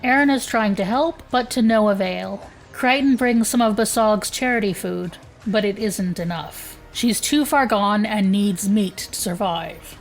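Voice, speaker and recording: A woman's voice: medium pitch, a little slow, few pauses, faint music behind. A woman co-hosting a podcast, chatting casually, laughing often and reading an episode summary. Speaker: podcast co-host.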